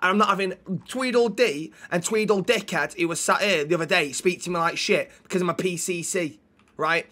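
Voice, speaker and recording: Man, high bright voice, indignant swearing rant, role-play cop. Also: a little fast. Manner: indignant ranting with heavy swearing. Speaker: streamer playing a police officer.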